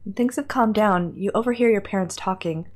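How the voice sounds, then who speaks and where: A woman reading a text game aloud on a livestream, excitable and nervous, laughing often and dropping into whispers. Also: mid-range voice, a little fast. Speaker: streamer.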